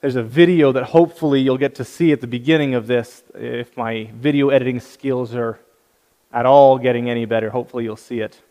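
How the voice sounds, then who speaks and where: A man's voice: mid-range voice, fairly even intonation, fairly quick, mellow. A male pastor giving a sermon, telling light humorous stories, in a reverberant hall.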